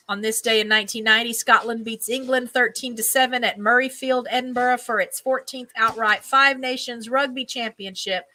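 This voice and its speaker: A woman's voice: on the high side, pushed and bright, rough recording. A woman hosting a casual stream, reading items aloud, tripping over names, and adding chatty musing asides. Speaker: host.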